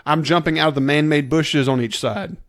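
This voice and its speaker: A man's voice pitched a little above the usual, talking forcefully on a casual podcast. He argues his case step by step and keeps checking that the others follow him. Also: a little fast. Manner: emphatic, explains points step by step and checks listeners follow. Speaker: podcast co-host. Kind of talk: casual chat reviewing a TV episode.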